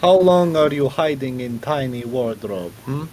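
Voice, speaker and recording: A man's voice: mid-range voice, lively intonation, measured pace, a little mellow, close to an everyday voice. Cheesy Russian captor voiced by a man, threatening, broken grammar, faint noise behind. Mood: menacing. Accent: Russian, put on. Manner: menacing, broken grammar, mock-exaggerated. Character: stern male Russian-accented captor, threatening.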